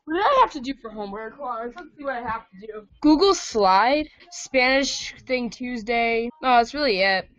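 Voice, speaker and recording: A teenage girl in casual chat with a friend, loud and swearing, breaking into shouts. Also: on the high side, expressive, normal speed, dry recording. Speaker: student chatting with a friend. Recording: dull lo-fi screen recording.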